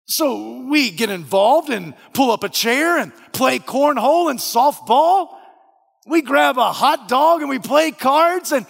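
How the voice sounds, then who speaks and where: A man preaching a sermon, telling a story in the second person and swinging from hushed tones to shouting. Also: very high-pitched, lively intonation, slow pace, gravelly, in a large hall. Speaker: pastor.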